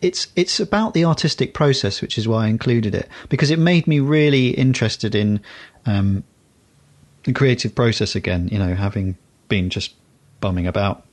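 A man's voice: fairly low pitch, normal speed. A man co-hosting a podcast, chatting casually and rambling, often breaking off to correct himself. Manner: rambling, self-correcting storyteller. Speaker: podcast co-host. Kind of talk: casual chat.

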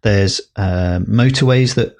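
This man co-hosts a podcast, his fairly low, slightly mellow voice moving slowly. The talk is a casual chat, rambling and full of fillers and restarts.

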